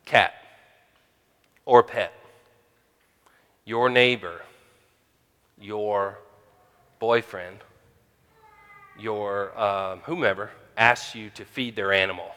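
A man preaching a conversational sermon as pastor, pausing often with fillers. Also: lowish voice, fairly even intonation, fairly bright tone, smooth. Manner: conversational with frequent pauses and fillers. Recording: hall reverb.

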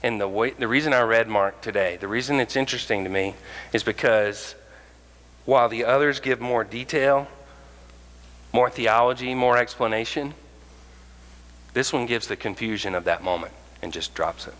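A man preaching a sermon as pastor, animated and acting out the voices of the people in his stories. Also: mid-range voice, moderate pace, in a large hall, low-quality recording. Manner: animated, acts out quoted voices.

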